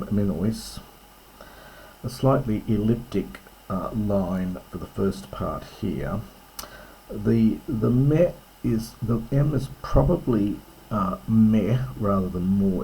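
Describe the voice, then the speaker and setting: Slow, deep-voiced man explaining Greek. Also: mellow, a little hiss or hum, low-quality recording. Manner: slow, careful, with fillers and self-corrections. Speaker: classics teacher. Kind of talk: reading and explaining ancient Greek verse.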